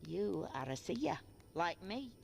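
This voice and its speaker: An actress playing a gruff old blind woman seer in a video game, blunt and wry. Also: lowish voice, very animated, slow pace, heavily acted. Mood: knowing. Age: older. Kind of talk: game voice acting.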